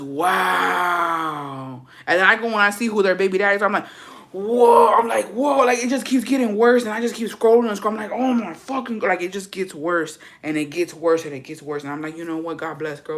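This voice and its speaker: A woman talks straight to her viewers in a loose storytime chat. Her delivery is gossipy and animated, and she swears constantly. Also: lowish voice, moderate pace. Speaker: vlogger.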